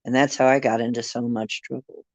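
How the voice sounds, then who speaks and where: A woman's voice: rumbling low, level tone, a little fast, darkish tone, no echo. A woman hosting a casual livestream, musing and rambling while she answers viewer comments. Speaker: livestream host reading viewer chat.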